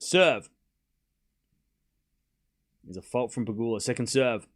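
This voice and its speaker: With a medium-pitched, fairly bright and animated voice, an Australian man who coaches tennis and streams chats easily through a live watchalong. He reads chat aloud and fires off brief bits of play-by-play.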